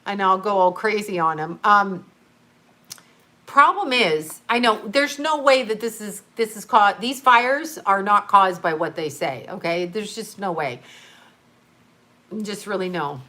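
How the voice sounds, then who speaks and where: A woman chatting casually on a livestream at an average pitch for a woman. She rambles from one topic to the next, answering viewer comments as they come in, and her voice swings between loud bursts and quiet asides. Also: unhurried.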